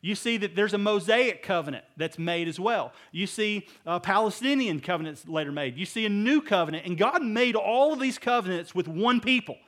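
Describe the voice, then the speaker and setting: A middle-aged male pastor preaching a sermon, emphatic, swinging between loud stresses and hushed asides and putting rhetorical questions to his listeners. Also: high voice, expressive, moderate pace, hardly any pauses. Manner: asks the audience rhetorical questions.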